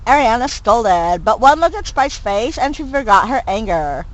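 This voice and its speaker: A host reading a fanfic aloud with comic commentary, animated and switching between narration and character voices. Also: medium pitch, moderate pace, muffled recording. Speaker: reader and host.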